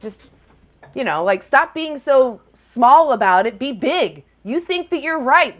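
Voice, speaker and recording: Woman streamer, confrontational, scolding, fairly high voice. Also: expressive, measured pace, a bit bright. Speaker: livestream host debating callers. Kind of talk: heated live debate.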